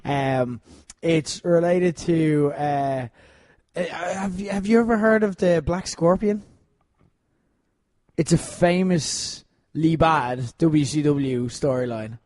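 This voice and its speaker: A man's voice: fairly high pitch, steady tone, takes it slowly, a little mellow, no echo. A man co-hosting a casual podcast, rambling and laughing as he tells stories, swearing now and then. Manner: rambling, laughing, profane storytelling. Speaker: podcast co-host.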